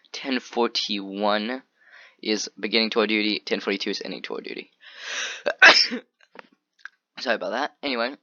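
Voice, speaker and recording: A young man talks quickly through a casual screen-recorded tutorial, in a rambling, offhand way. His voice sits a little low but sounds bright and forward. The recording is dry and slightly dull, like a cheap desk mic. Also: no room sound. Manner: rambling and offhand, with frequent "boom" and "anyway". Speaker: tutorial maker.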